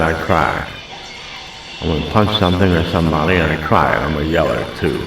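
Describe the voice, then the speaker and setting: This man's voice is low and creaky as he hosts a reaction video, chatting casually in a rambling, self-deprecating style that repeats itself. The room is very echoey and the mic sits at a distance.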